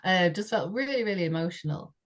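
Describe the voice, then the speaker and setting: Woman in her 60s, low voice, chatty storytelling, lots of "you know"s and laughs. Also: expressive, brisk. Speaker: podcast co-host. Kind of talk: casual personal storytelling.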